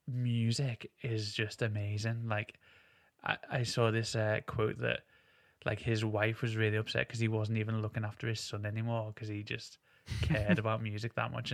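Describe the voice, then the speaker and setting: Male podcast host, casual rambling chat, gravelly and flat delivery, dry sound. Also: on the low side, no room sound. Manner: enthusiastic, rambling with many "like"s.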